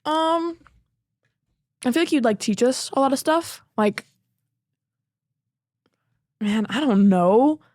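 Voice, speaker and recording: A woman's voice: sits high, expressive, slow, pauses often, a little mellow, no room sound, studio quality. A teenage girl chatting casually as a podcast guest, rambling and giggly with plenty of likes and ums. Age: teens. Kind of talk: casual chat.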